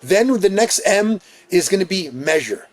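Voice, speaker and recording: Energetic higher-voiced coach. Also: male voice, a little slow. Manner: energetic, emphatic listing of points. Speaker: guest fitness coach. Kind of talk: podcast interview.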